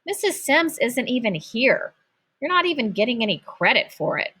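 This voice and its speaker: A cocky young schoolboy with a casual, slangy, teasing manner, as a woman reads him aloud. His voice sits fairly high and bounces lively through each line. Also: moderate pace, husky, full character voice.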